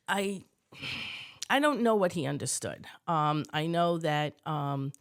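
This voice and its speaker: Gravelly-voiced woman telling her story. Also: deep voice, lively intonation, takes it slowly. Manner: reflective, acts out remembered dialogue, many fillers. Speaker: interview guest, widow of a fire chief. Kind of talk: personal storytelling interview.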